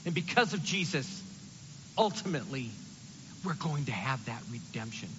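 A man preaching a sermon in an animated, conversational way, acting out the quotes he reads. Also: mid-range voice, normal speed, big-room sound, lo-fi sound, slight background noise.

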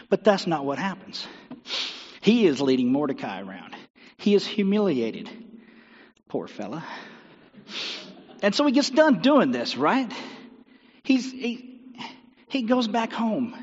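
A man's voice: high voice, big pitch swings, a little slow, pauses often, a little mellow, slightly rough. A man preaching a sermon, retelling a story animatedly with rhetorical questions. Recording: dull sound with long hall reverb.

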